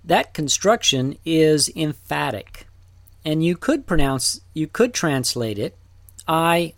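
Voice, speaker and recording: A man teaching a recorded Greek lesson, talking slowly and deliberately, with fillers and restarts. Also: on the high side, no room sound.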